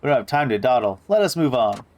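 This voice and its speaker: A man's voice: medium pitch, very animated, fast, close to an everyday voice. A man reading the lines of a fussy, polite male manager in a video game, in a formal, eager-to-please manner.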